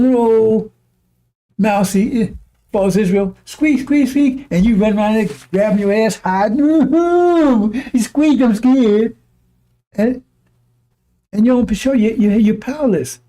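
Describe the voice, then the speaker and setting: A man with a high voice and a mellow, dark tone delivers a fiery broadcast sermon. He mocks and scorns his listeners, chuckling as he goes and hammering on repeated phrases. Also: normal speed, long pauses. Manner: mocking, scornful, breaks into laughter, repeats phrases. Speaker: preacher. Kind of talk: impassioned religious broadcast sermon.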